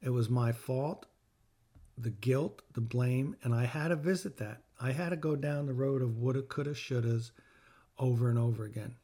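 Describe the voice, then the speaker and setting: A man's voice: medium pitch, normal speed, warm tone. A middle-aged man hosting a podcast, speaking in an earnest, heartfelt way and stressing his points through repetition as he reflects on faith. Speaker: podcast host. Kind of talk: personal reflective talk with faith teaching.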